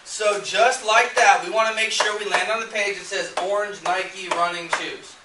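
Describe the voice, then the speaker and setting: A man's voice: high-pitched, fairly even intonation, normal speed, heavy background noise. A man presenting a sales seminar who gets fired up and keeps quizzing his live audience. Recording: echoey room, mic at a distance.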